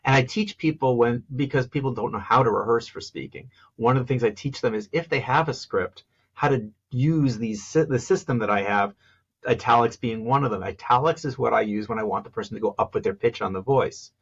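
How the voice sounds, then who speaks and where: Husky-voiced man coaching on public speaking. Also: a little fast, highs cut off. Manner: animated, demonstrates stress and pitch on example phrases. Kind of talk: podcast interview.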